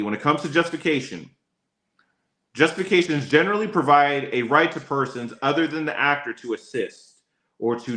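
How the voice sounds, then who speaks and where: This man has a bright, forceful voice and talks through legal rules in a loose, conversational way. He teaches like an attorney chatting with a friend. The sound carries a noticeable room echo. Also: on the low side. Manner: casual, chatty, addresses his co-host by name often. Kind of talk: casual livestream law lesson.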